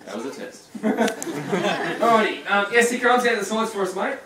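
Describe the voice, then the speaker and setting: Speaking in a high, sing-song voice at a racing pace, a man hosts a live reptile show and jokingly teases his audience and volunteer. The recording, made in a large room with spectators, sounds echoey and far off, with crowd noise throughout.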